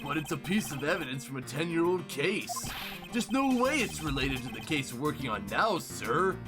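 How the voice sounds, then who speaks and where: A loud, excitable police detective, voiced by a man blusters along and stays deferential to his boss. His pitch leaps about. Game music plays behind him. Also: moderate pace. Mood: dutiful.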